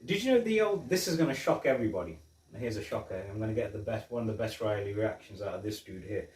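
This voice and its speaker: A man's voice: fairly low pitch, expressive, quick pace, darkish tone. A man hosting a casual film review podcast, retelling scenes in a rambling way with restarts. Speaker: podcast host. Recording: roomy, mic at a distance.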